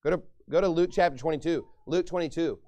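A male pastor preaching a sermon and reading scripture aloud, emphatic, swinging from hushed asides to loud declarations. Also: fairly high pitch, fast talker.

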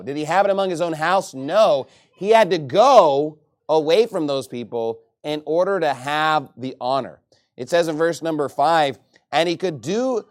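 Preacher from Texas, a man with a high voice, lively, jokey, emphatic delivery. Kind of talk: sermon.

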